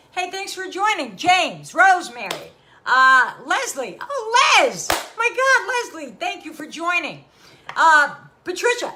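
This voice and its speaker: Bubbly bright-voiced New woman host. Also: high voice. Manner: effusive, shouting out viewers by name. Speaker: talk show host. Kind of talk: live-stream talk show greeting viewers.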